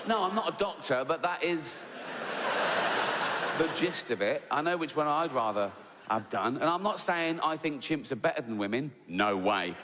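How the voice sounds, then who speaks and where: This stand-up comedian has a fairly high voice with lively intonation and a moderate pace. Performing in a large theatre, he does a rambling, playful routine full of storytelling and crude voices. The live hall adds long reverb and background noise.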